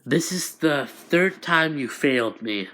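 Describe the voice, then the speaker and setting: A man voicing a cold male villain leader who speaks in a flat, threatening way. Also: fairly high pitch, slow.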